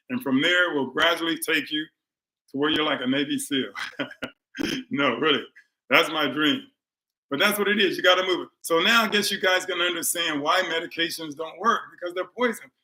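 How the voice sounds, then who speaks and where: A man's voice: a little high, pushed and bright, poor audio. A man hosting a live health talk to his audience, emphatic and preachy, repeating his points and laughing between them. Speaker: health speaker and show host.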